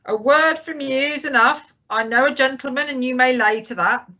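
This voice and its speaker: A woman's voice: fairly low pitch, very animated, normal speed, sharp tone, dull audio, exaggerated voice. A woman voicing a cheery, sly one-legged male pirate chief in an audiobook reading, hearty and wheedling.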